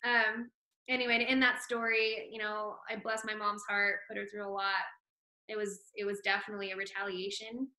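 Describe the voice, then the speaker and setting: A woman podcast host telling a story from her life in casual chat, animated and laughing often, acting out what people said. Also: medium pitch, fairly quick. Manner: animated, laughs often, acts out quoted lines. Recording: roomy echo.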